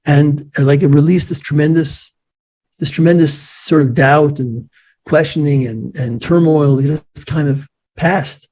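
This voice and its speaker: A man in his forties, a guest in an interview, telling a personal story in an earnest, halting way with many restarts. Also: on the high side, fairly even intonation, darkish tone.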